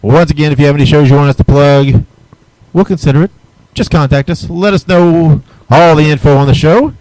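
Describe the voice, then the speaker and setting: An easygoing male podcast host talks in a relaxed, chatty way between show plugs. The recording is dry and close, with no room echo. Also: a little high, a little fast. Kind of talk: casual podcast chat.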